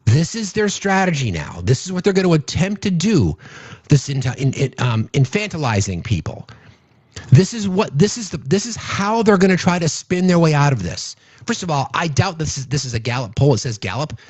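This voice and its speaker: A man's voice: a little high, big pitch swings, normal speed, darkish tone, slightly rough, no room sound. A man giving casual political commentary, indignant and rambling, often restarting his sentences.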